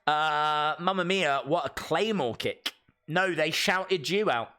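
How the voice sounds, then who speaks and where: A fairly high, bright and forceful male voice. He keeps up chatty, excitable commentary on a live watch-along stream. Between reactions he reads out comments from his viewers. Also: slow pace, smooth.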